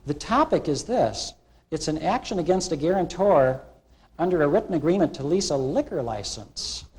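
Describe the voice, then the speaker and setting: Animated man lecturing with playful stories. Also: a little high, normal speed. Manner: animated storytelling, acting out quoted characters. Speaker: college instructor. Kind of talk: classroom lecture with humorous analogies. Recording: 1980s classroom video recording.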